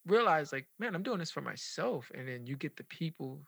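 A male host with a gravelly, fry-edged voice speaks to his guests in a casual, reflective way. His voice is bright and forward, and the recording is dry and close. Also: on the high side, sing-song, fairly quick, dry recording. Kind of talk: casual interview chat.

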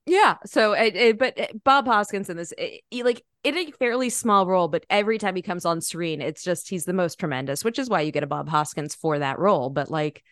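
A woman's voice: fairly low pitch, expressive, a little fast, hardly any pauses, a bit bright, dry recording, studio quality. An American woman talking casually about a film, chatty and full of restarts and fillers. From United States. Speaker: podcast co-host or guest.

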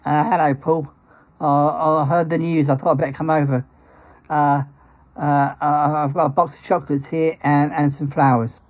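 A man's voice: a little high, little pitch movement, moderate pace, natural voice. A man playing Martin, a sheepish, awkward friend who stammers, in a comedy sketch. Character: sheepish, hesitant male friend. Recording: dull lo-fi sound, faint music.

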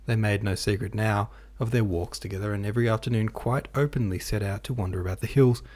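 Husky, low-voiced male audiobook narrator. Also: fairly even intonation, fast talker, darkish tone. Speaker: podcast host and audiobook reader.

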